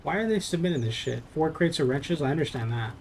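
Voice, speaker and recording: A man's voice: a little high, animated, quick pace, darkish tone, a little hiss or hum. A young man from Southern California streaming a game, chatting casually in a loose, profane, rambling way. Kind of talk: casual live-stream chat while playing.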